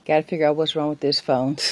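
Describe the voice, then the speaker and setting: A woman's voice: sits low, a little fast, darkish tone. A woman vlogger chatting casually to camera, rambling through everyday anecdotes and laughing between them. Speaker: soap maker and vlogger.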